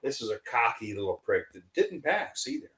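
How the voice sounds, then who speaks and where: A man hosting a podcast, telling a crude army story in a profane, animated way. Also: medium pitch, brisk, reverberant, poor audio. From United States. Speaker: podcast host. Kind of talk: casual podcast chat, storytelling.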